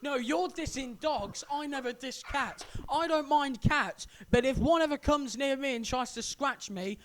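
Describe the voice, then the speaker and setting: A man co-hosts a casual podcast, explaining things in an emphatic, lecturing way. His voice sits high for a man, and there is a faint hiss of background noise. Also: measured pace, fairly bright tone. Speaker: podcast co-host. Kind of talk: casual chat.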